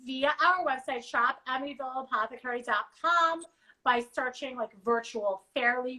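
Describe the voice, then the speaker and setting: Brief: woman host, bright and fairly high-pitched, chatty and animated, voice just recovering from strep throat, casual livestream on a video call. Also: moderate pace, low-quality recording.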